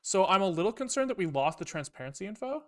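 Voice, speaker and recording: A man's voice: high-pitched, sing-song, fast talker, a bit bright. A man streaming live as he codes, thinking aloud in a rambling, profane way with wry asides to his chat. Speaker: programming livestreamer. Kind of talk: casual live coding talk.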